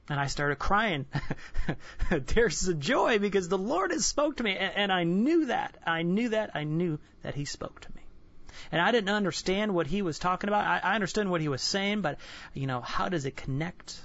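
A man in his twenties giving an earnest, candid personal devotional sermon, halting and restarting often. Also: sits high, animated, creaky, fairly bright tone. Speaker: Christian devotional speaker. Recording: dull lo-fi dry recording.

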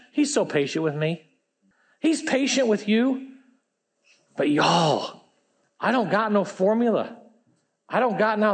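A man in his forties, a pastor preaching a sermon on stage in a church, reading scripture aloud and adding emphatic, conversational asides. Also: high voice. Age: 40s.

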